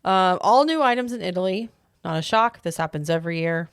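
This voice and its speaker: A woman co-hosting a podcast, casually going through a list of food items, easygoing and quick to laugh. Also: on the low side, lively intonation, smooth, dry recording, clean studio sound. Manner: easygoing, laughs often, reads from notes. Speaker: podcast co-host. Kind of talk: casual chat, reading out menu items.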